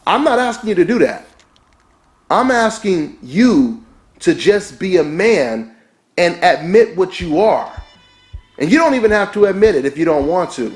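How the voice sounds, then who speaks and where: A man's voice: high-pitched, big pitch swings, unhurried. A man hosting a boxing channel, delivering an emphatic opinion rant that keeps repeating its points and asking "right?". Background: faint background music.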